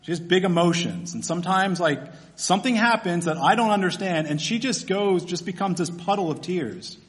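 A man's voice: high voice, expressive, normal speed. A man, a pastor, preaching a sermon in a conversational, storytelling way with casual fillers.

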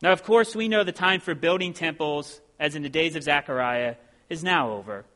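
A man's voice: on the high side, normal speed, sharp tone. A middle-aged male pastor preaching a sermon with earnest, rising emphasis on key phrases.

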